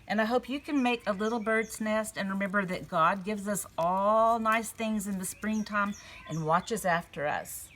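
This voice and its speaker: A woman giving a gentle storytelling lesson to young children at a table. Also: mid-range voice, normal speed, slight background noise. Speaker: children's church teacher. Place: indoors at a table.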